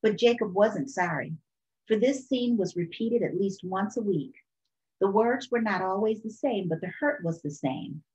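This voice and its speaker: A woman reads a children's picture book aloud in a calm, expressive storytelling voice. Her pitch sits in the middle range. The recording is muffled and lo-fi. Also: moderate pace. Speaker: storytime reader.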